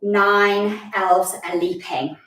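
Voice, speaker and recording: A woman's voice: mid-range voice, fairly even intonation, extremely slow, fairly bright tone, recorded from a distance. A woman leading a children's yoga lesson, giving encouraging instructions and singing counting verses, a little out of breath. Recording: echoey room, voice from away from the mic.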